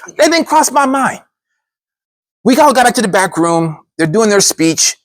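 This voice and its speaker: Brief: man narrating his own story, animated, quick to slip into character voices, dry close sound. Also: sits high, dry recording. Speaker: speaker telling a personal story. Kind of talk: storytelling speech.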